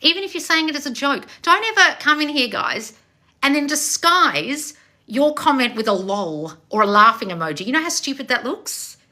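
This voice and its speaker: A woman manifestation coach on a live stream, loud and passionate, blunt and confrontational, swearing freely and calling listeners darling. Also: high voice, sing-song, moderate pace. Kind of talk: live-streamed coaching with read-out viewer questions.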